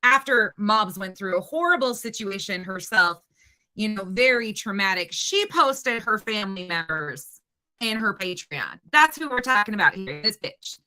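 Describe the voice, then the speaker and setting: Play a bright, scathing woman streamer, swearing freely. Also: mid-range voice, lively intonation, normal speed. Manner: profane, scathing, talks back at the clip. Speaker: streamer commenting on a clip. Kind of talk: angry reaction commentary.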